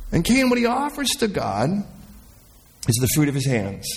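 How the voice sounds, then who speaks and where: A man preaching a sermon in an animated way, explaining the meanings of old words and acting out voices from the scripture story. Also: on the high side, moderate pace, vocal fry, pauses often. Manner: explains word meanings from the original language. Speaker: pastor.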